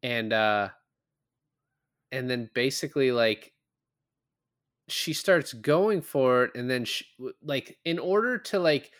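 A man's voice: mid-range voice, slow pace, long pauses, fairly bright tone. A man co-hosting a podcast, casually recapping a film with lots of fillers and acted-out quotes. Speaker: podcast co-host. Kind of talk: casual movie-review chat.

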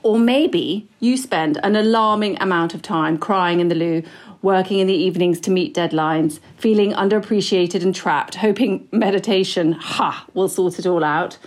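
A woman's voice: fairly low pitch, normal speed. Casting: woman in her forties, podcast co-host, rambling self-mocking chatter. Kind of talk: casual chat.

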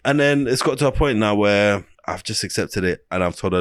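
A man's voice: lowish voice, brisk, no echo, clean studio sound. Laid-back London guy telling stories. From England. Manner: animated storytelling, slangy. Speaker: podcast co-host. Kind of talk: casual chat.

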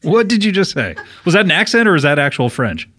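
A man hosting a comedy podcast, his voice a little higher than most and swinging up and down with expressive energy. He rambles through anecdotes in casual banter and breaks into laughter often. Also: quick pace, slight background noise. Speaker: podcast host.

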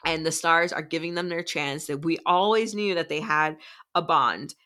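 A young woman co-hosting a podcast, chatty and animated as she recaps a book, swearing freely. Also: sits low, moderate pace, crowd noise. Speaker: podcast co-host. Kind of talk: casual book discussion.

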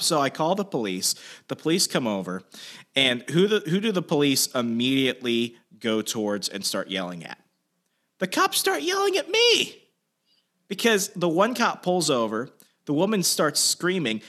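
A man hosting a casual chat, telling a story with lots of swearing and shouted quotes. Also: medium pitch, sing-song, normal speed. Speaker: host.

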